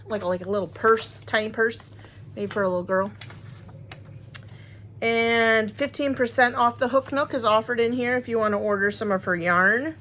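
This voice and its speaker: A woman talks in a chatty, rambling way straight to her viewers. Her voice sits fairly high. A faint hiss of background noise sits under the recording. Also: a bit bright. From Wisconsin, USA. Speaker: crochet vlogger. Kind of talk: casual unboxing chat.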